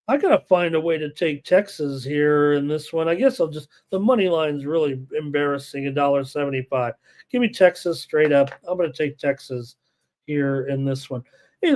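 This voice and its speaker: A man's voice: fairly high pitch, darkish tone. A man hosting a live sports betting show, reading statistics, viewer chat and lineups with many filler words. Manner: rattles off numbers and lineups, many filler uhs.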